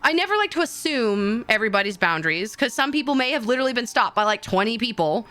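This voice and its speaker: Bright-voiced, excitable young woman streamer. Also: fast. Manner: rambling and excitable, full of fillers, jumps into high squeals. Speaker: VTuber streamer. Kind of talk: casual stream chat with viewers.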